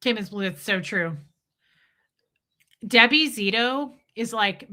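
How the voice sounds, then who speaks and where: This livestream host reads viewer super chats in a medium-pitched voice, taking it slowly with long pauses. Still, she's playful and animated, swearing freely and slipping into mock voices and bits of song.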